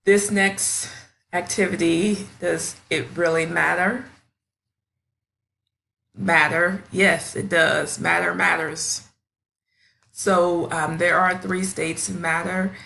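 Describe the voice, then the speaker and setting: A woman who teaches fifth grade, presenting a classroom science station in a deliberate, instructional way with small slips. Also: on the low side, gravelly, a bit bright, slight background noise.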